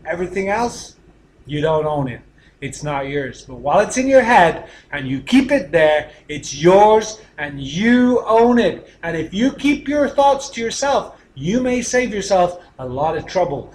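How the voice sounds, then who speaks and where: A man giving a motivational teaching talk, emphatic, often dropping to a quiet voice for effect. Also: sits high, reverberant, slight background noise. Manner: emphatic, with dramatic drops to a quiet voice. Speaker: speaker teaching a session.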